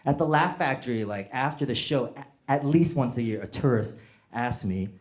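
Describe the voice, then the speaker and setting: A man's voice: mid-range voice, lively intonation, moderate pace. A man doing a stand-up comedy set on a club stage, chatting with the crowd and acting out voices. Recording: echoey club with audience noise.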